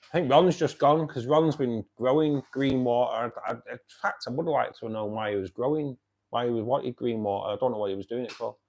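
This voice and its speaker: A man's voice: medium pitch, fairly quick, creaky, a little mellow. A man with a Manchester accent hosting a live stream, chatting casually and greeting viewers by name as he reads their comments. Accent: Mancunian English. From Manchester area, England. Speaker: live stream host of a fish club. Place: home by his fish tank.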